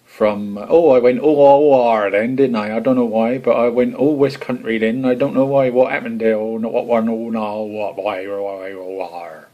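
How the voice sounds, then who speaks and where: A man's voice: mid-range voice, fairly even intonation, normal speed, hardly any pauses, lo-fi sound. A man with an Essex accent talks to camera in a loose, rambling way. He is self-deprecating and easygoing, with a mid-range voice, recorded on a camera mic as he moves about the room. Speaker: homebrew vlogger. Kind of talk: casual chat to camera.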